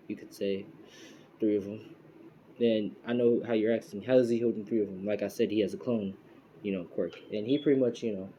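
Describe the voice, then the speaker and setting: A man rambles through a made-up story with plenty of fillers and self-corrections. His voice sits low and sounds dark and mellow. A faint noise runs underneath. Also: rough recording. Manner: rambling, many fillers and restarts. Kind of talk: casual improvised fan story narration.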